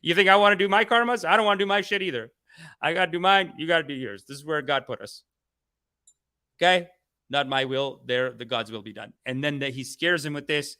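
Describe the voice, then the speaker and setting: A man's voice: on the high side, a little fast. A man hosting a comedy talk stream, ranting casually, swearing, and slipping into voices. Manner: animated, swears, acts out voices. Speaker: comedian host.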